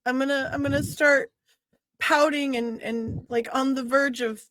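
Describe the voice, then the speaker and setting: A woman's voice: high-pitched, fairly even intonation, unhurried, background noise. A woman playing a tabletop game who chats casually and laughs often. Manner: giggly, playful. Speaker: player.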